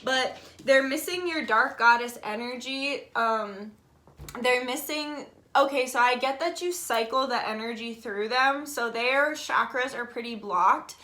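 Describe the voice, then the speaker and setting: A young woman giving a casual tarot reading, chatty and animated, swearing freely. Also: sits high, measured pace. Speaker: tarot reader.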